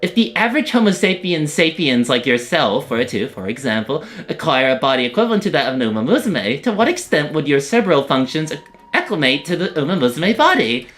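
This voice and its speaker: A streamer voicing an eccentric, excitable female scientist horse girl, lecturing in a theatrical way while reading a game story. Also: medium pitch, fairly quick. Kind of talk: game story read-along.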